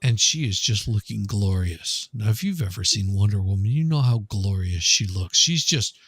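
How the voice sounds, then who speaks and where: Husky-voiced man telling jokes. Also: on the low side, lively intonation, moderate pace, fairly bright tone, no echo. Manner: easygoing joke-teller, slips into mock quoted voices. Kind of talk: casual chat.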